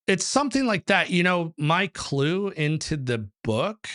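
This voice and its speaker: Animated man explaining with relaxed fillers. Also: high voice, unhurried, no echo, clean studio sound. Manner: animated storyteller, acts out quotes, many fillers. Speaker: numerology author and teacher, guest. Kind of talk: casual interview conversation.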